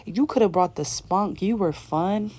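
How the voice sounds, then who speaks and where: A woman's voice: medium pitch, measured pace, dark tone, breathy edge. A woman delivering an intuitive spiritual message to her viewers, in emphatic, casual, slangy talk that repeats its points. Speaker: spiritual reader.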